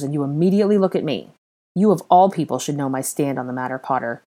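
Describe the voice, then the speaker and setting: A woman reading as an arrogant young wizard with a sneer in every line, pitched low and darkly mellow. He talks down to everyone, haughty and quick to take offence, in a storybook reading.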